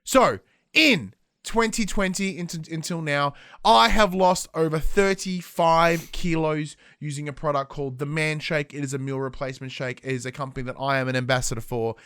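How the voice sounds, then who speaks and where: A man's voice: fairly high pitch, normal speed, clean tone, dry recording, studio quality. An Australian man in his thirties hosting a podcast, chatting casually and acting out quotes as he tells stories. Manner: animated storytelling with acted-out quotes. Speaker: podcast host. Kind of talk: casual chat.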